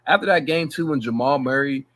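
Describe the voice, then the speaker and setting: A man co-hosting a basketball podcast, talking in animated casual slang and laughing often. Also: mid-range voice, fairly quick. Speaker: podcast co-host. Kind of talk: casual sports chat.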